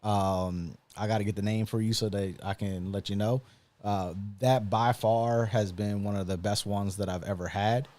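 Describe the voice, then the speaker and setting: A man with a lowish voice chats casually on a live podcast. He rambles easily, filling the gaps with ums and likes. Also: fairly even intonation, moderate pace, darkish tone. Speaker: podcast co-host.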